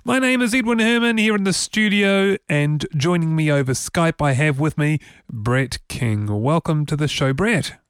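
A man's voice: a little high, lively intonation, normal speed, few pauses, clear, resonant tone, no echo. A man hosting a casual tech podcast from a studio, talking in a loose, chatty way with frequent restarts. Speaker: podcast host.

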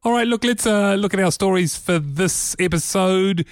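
Chatty New Zealand man, higher voice. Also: moderate pace, dry recording, studio quality. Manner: chatty, laughs often, frequent restarts and fillers. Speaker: podcast co-host. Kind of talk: casual tech podcast chat.

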